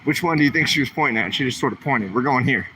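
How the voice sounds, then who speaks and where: A man's voice: medium pitch, quick pace, bright, forceful tone, slight background noise. A man, streaming while he walks the aisles of a store, chatting and asking his viewers questions. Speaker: vlogger. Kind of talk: livestream vlog while shopping.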